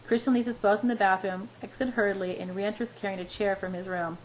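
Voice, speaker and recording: A woman's voice: medium pitch, fairly even intonation, fast, a little hiss or hum, poor audio. Woman reading a story aloud. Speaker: reader. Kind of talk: first-person story reading.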